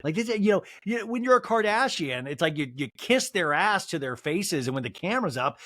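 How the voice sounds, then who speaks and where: A man's voice: sits high, sing-song, brisk, hardly any pauses, sharp tone, no echo, studio quality. A young man hosting a podcast, recapping a reality show with snarky, mocking humor. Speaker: podcast host. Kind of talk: comedic TV recap.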